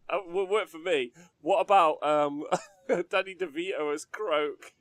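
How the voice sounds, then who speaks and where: His pitch fairly high and his pace slow, a man co-hosting a relaxed hobby podcast jokes and laughs a lot in animated, casual conversation. There's no echo.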